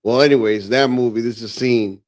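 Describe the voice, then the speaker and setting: A man's voice: mid-range voice, fairly even intonation, fairly quick, a little mellow. A man rambling casually on a podcast, swearing freely. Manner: profane, rambling.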